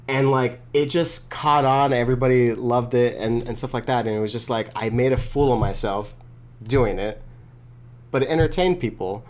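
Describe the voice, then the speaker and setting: A man talking casually as an interview guest, rambling and filling pauses with "like" and "you know". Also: mid-range voice, a little mellow. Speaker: guest, wrestler and creator.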